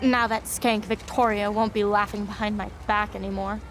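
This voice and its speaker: A woman's voice: mid-range voice, little pitch movement, moderate pace, a bit bright, slight background noise, close to an everyday voice. An actress playing an upset young woman student in a game.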